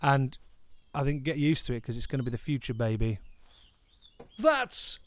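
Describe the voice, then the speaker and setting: A man's voice: medium pitch, sing-song, normal speed. A man co-hosting a casual comedy chat over a video call, a rambling storyteller who mocks himself and laughs often. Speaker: co-host.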